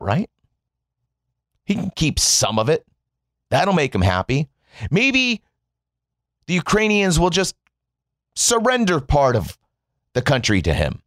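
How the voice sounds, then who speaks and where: A man from the United States delivers a mocking, profane commentary monologue. His pitch rises and falls widely as he goes, and the sound is dry and close with almost no room around it. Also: a bit bright, no room sound. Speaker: political commentator. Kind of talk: sarcastic opinion monologue.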